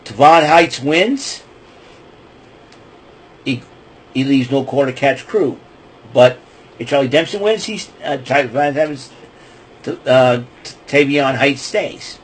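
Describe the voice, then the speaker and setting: A man's voice: medium pitch, lively intonation, slow pace, long pauses, a little hiss or hum, low-quality recording. A man hosting a podcast, casually retelling wrestling events in a loose, rambling way with lots of fillers and restarts. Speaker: podcast host.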